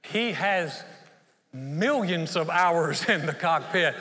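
A man's voice: sits high, slow, in a large hall. A male pastor preaching a sermon, animatedly telling stories and acting out the dialogue. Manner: animated storytelling, acts out dialogue.

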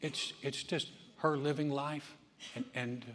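With a steady, mid-range voice and a slow pace, this pastor delivers a sermon in a church sanctuary as a crowd murmurs in the background. His storytelling is conversational and full of restarts, carried by a long hall reverb.

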